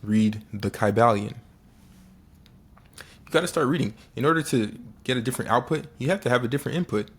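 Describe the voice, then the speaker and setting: A man's voice: mid-range voice, a little fast, long pauses, husky. A young man giving an earnest, casual motivational talk, often restarting and repeating phrases for emphasis. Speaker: motivational speaker.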